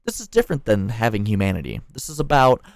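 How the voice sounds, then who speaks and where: A man's voice: lowish voice, huge pitch swings, fast talker, creaky, darkish tone, dry recording. A young man worker ranting heatedly about management, swearing often and turning sarcastic. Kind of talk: angry ranting monologue.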